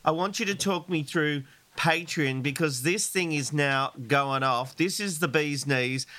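A man's voice: fairly high pitch, a little slow, sharp tone. A man co-hosting a podcast in casual chat, joking and playful while sick with a head cold. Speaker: podcast co-host.

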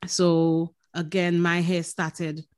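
A woman with a Saint Lucian accent co-hosts a podcast, telling lively stories in casual conversation and laughing and swearing freely. Her voice is lowish and her pace slow.

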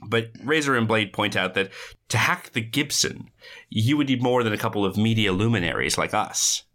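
A man's voice: fairly low pitch, normal speed, bright, forceful tone, slight background noise. A man guest on a podcast, casually recapping a movie plot in a matter-of-fact way.

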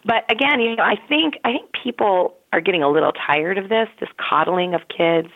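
A woman's voice: mid-range voice, moderate pace. A woman in casual chat, blunt and exasperated, sometimes laughing as she talks. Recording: tinny phone-like sound.

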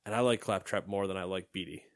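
A man's voice: low-pitched, steady tone, fast talker. A young man co-hosting a podcast in casual, rambling chat and laughing often. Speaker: podcast co-host.

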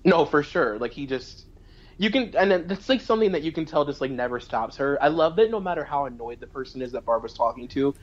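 A woman's voice: low voice, expressive, fast talker, dull audio. A young woman co-hosting a podcast, talking animatedly about a TV show and laughing readily. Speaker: podcast co-host. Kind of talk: casual chat recapping a TV show.

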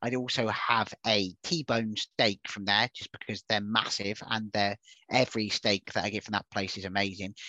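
A man's voice: on the low side, bright, forceful tone, no room sound, poor audio. Chatty man co-hosting a podcast. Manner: chatty, picky, jokey. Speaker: podcast co-host. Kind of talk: casual chat.

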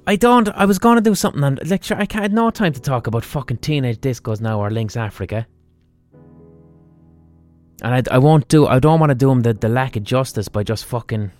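A man's voice: mid-range voice, animated, a little fast, a little mellow, no room sound, faint music behind. Sweary Irish man ranting. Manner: sweary, exasperated ranting with rhetorical questions. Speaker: podcast host. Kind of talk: solo comedic podcast rant.

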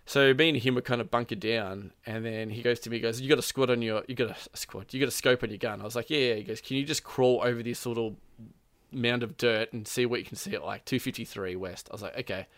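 A man chats casually, telling a long story full of fillers and quoted lines. His voice is bright and forceful, and the sound is dry, with little room echo. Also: mid-range voice, steady tone, fast talker. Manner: rambling storytelling, lots of fillers. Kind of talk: casual chat.

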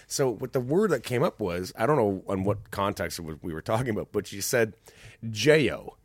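A man co-hosting a podcast in casual chat, a profane, animated storyteller. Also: lowish voice, brisk, dry recording, studio quality. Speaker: podcast co-host.

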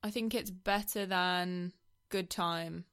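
A woman's voice: fairly low pitch, steady tone, takes it slowly, a crowd in the background. A woman from the UK co-hosting a casual film podcast, teasing her partner and laughing a lot. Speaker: podcast co-host. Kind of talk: casual chat, film ranking.

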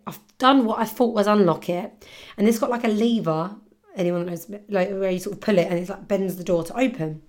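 A young woman, hosting a podcast and telling a story in a casual, chatty way, full of swearing and fillers. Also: medium pitch. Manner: chatty, swears freely, lots of "like". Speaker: podcast host.

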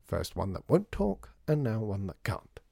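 A man's voice: on the low side, big pitch swings, unhurried, vocal fry, warm tone, husky, dry recording, full character voice. A man reading a story, voicing a sardonic middle-aged father with a dry manner. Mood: wry.

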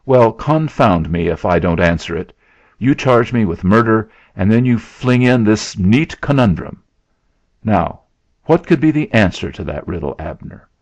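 Blustering sneering landowner done by a man, gravelly, deep, dry close sound. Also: expressive, unhurried, no room sound, heavily acted. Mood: mocking. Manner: mocking, shouting taunts. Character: blustering sneering middle-aged male landowner. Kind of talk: dramatic storybook reading. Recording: dull lo-fi recording.

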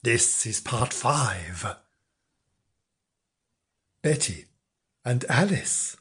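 Man narrating a comic story, slow, lively pitch, dry delivery. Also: breathy edge.

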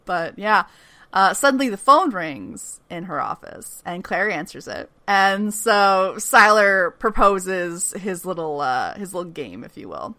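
On a podcast, a woman co-host with a lowish voice recaps a TV episode at a measured pace, and the recording has no echo. She's animated and casual, swears freely, and acts out the characters' lines.

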